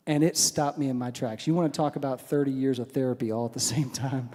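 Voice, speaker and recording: A man's voice: mid-range voice, steady tone, fast talker, hardly any pauses, warm tone. A man from Texas, telling wry, self-deprecating stories between songs on stage in a large synagogue. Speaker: singer-songwriter performer. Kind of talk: onstage storytelling between songs. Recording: hall reverb with faint music.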